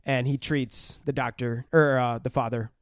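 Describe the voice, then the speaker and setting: A man's voice: medium pitch, fairly even intonation, normal speed, smooth, no echo, clean studio sound. A man co-hosting a podcast, casually and profanely retelling movie scenes in a film review chat. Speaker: podcast co-host.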